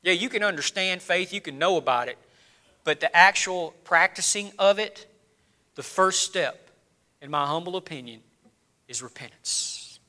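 A man preaching a sermon in a church, swinging between low, quiet lines and loud, rising appeals. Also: animated, moderate pace. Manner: preaching with rising and falling intensity, dropping low then building loud. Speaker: pastor.

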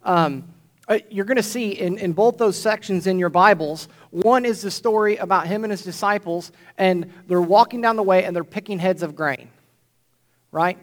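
In church before his congregation, a male pastor preaches at a normal pace in a fairly high voice. He talks conversationally, often dropping in a "right?" to check with listeners.

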